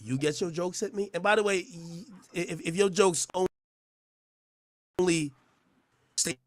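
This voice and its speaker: There's no rush in this man's high voice as he delivers a trash-talking roast, recorded in a clean studio without echo. The internet personality mocks and curses, often stammering and beginning his words again.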